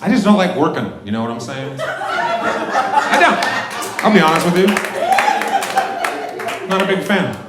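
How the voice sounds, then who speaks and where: A man in his forties works a comedy club stage with crude, self-mocking stand-up and sudden shouted bits. His voice sits high and swings widely, bouncing around a roomy hall. A loud crowd laughs behind him. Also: wildly swooping pitch, measured pace, long pauses, very noisy. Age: 40s. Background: audience laughter.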